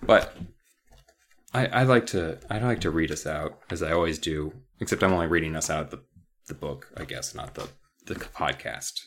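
A man co-hosting a podcast, chatting casually about a book and acting out its characters in sudden high-pitched voices. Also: normal speed. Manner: animated, acts out characters in jumpy high voices. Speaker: podcast co-host.

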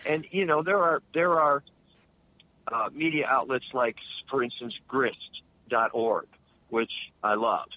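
A man's voice: mid-range voice, a little slow. A middle-aged man, a longtime radio host, chatting casually and rambling with many restarts and fillers. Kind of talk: casual chat. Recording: dry tinny phone line.

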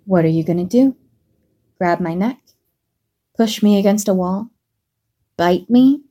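A woman's voice: mid-range voice, measured pace, mellow, slightly rough. Woman voicing a drunk, feisty young woman. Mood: drunk petulant.

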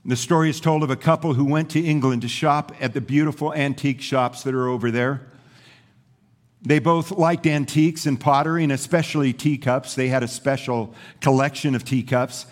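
A man's voice: mid-range voice, steady tone, normal speed. A male pastor preaching a sermon, telling a story and then earnestly encouraging his listeners.

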